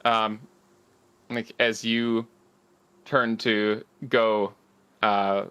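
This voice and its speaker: A man running a tabletop role-playing session as game master. He narrates slowly, pausing and filling gaps, with a bright, forceful voice. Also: on the low side, little pitch movement, clean tone. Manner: halting, filler-heavy narration.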